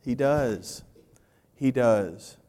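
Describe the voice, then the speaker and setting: A man preaching a sermon as pastor, animated, swinging from loud to hushed and repeating his phrases. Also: medium pitch, drawn-out words. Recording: reverberant church hall.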